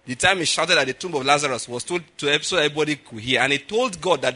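Male preacher, lively pitch, husky, bright tone, acts out voices mid-sermon. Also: fast, hardly any pauses. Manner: animated, acts out voices, laughs at own jokes.

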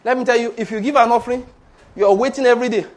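Rapid-fire and very high-voiced, a male pastor preaches animatedly, laughing between points. He calls on the congregation to repeat his words back to him.

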